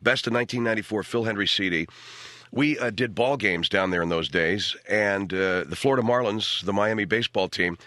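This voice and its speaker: A man's voice: fairly low pitch, brisk, pushed and bright, no room sound. A man hosting a radio comedy show from a studio, chatting casually in a wry, self-deprecating way. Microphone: studio microphone.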